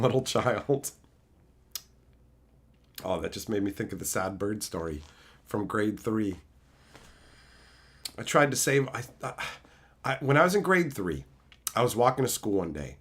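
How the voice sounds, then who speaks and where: A man streaming, answering his chat and telling stories in a loud, profane, laugh-filled way. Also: medium pitch. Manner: animated, profane storytelling with frequent laughter. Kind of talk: casual livestream chat.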